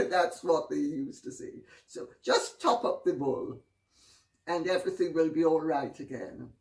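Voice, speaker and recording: A woman's voice: low-pitched, lively intonation, a little mellow. A woman hosting her own channel, telling anecdotes in a wry, gossipy manner. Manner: gossipy, wry, drawn-out phrasing. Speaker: host. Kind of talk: casual storytelling commentary. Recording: roomy, distant mic.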